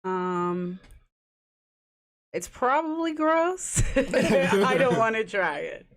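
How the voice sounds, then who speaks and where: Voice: mid-range voice, sing-song, extremely slow, fairly bright tone. A podcast co-host in casual chat, easygoing and amused.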